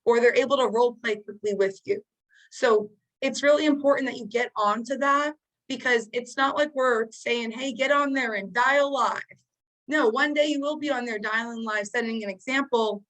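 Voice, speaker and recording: A woman with a slightly high voice runs a sales training session over a video call. She coaches in a casual, upbeat way, filling pauses with fillers as she explains her daily routine. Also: poor audio.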